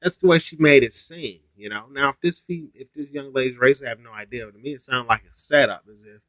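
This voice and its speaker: Young male vlogger, blunt and profane, mid-pitched, dry and lo-fi. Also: fairly quick, fairly bright tone, dry recording. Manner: blunt, heavily profane ranting. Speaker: YouTuber. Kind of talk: casual storytime vlog. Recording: dull lo-fi sound, dry.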